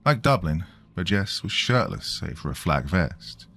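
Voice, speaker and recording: A man's voice: low voice, very animated, unhurried, fairly bright tone, soft background music. A man narrating a scripted story in a dramatic storytelling manner.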